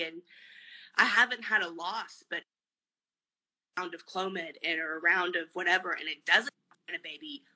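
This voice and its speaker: A woman guest on a video call, talking openly and close to tears, with many pauses and fillers. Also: medium pitch, sharp tone, poor audio. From family from Mexico. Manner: tearful, candid, trailing off with many fillers. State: close to crying. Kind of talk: emotional personal interview.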